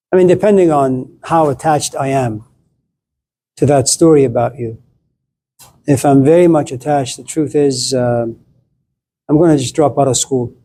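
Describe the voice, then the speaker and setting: A man's voice: fairly high pitch, mellow. A middle-aged man lecturing to a class, playful and acting out little scenes as he talks.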